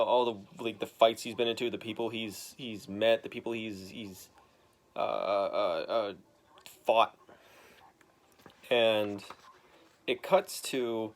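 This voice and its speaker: Young man retelling a comic, halting. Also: medium pitch. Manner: halting, full of restarts and "like". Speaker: son explaining a comic to his dad. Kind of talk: casual storytelling.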